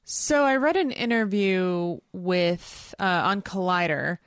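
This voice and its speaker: A woman's voice: on the low side, takes it slowly, smooth, no room sound. Woman recapping plot in a dry room. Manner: animated, recaps plot in detail. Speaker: podcast co-host. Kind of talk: casual chat.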